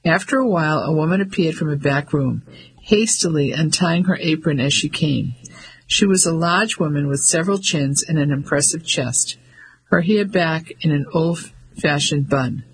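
Male audiobook narrator, fairly high voice, steady, faint background hiss. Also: moderate pace, poor audio. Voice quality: steady, descriptive.

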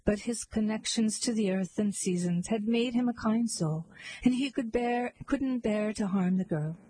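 A woman narrating a fairy tale in a wry, deadpan way. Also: medium pitch, normal speed, breathy edge, poor audio. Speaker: storyteller. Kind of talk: scripted narration.

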